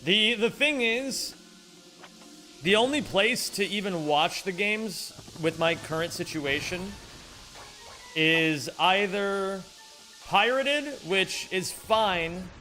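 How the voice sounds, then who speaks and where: A man's voice: high voice, animated, slow pace, pauses often, sharp tone, faint music behind. A man streaming a speedrun in casual chat, joking and mocking himself as he reads and answers viewers' messages.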